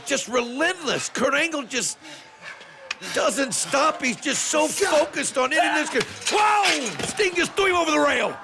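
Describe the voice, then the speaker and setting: A man giving excited, exclaiming play-by-play commentary on a wrestling match. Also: extremely high pitch, a little slow, gravelly. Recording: loud arena noise behind.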